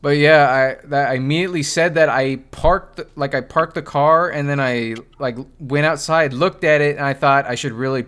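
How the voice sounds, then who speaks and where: A man's voice: a little high, fairly even intonation, moderate pace, hardly any pauses, a bit bright, smooth. A young man hosting a podcast, telling a story in casual chat, swearing and laughing, acting out what people said. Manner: laughing, swearing, acts out quotes. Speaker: podcast host.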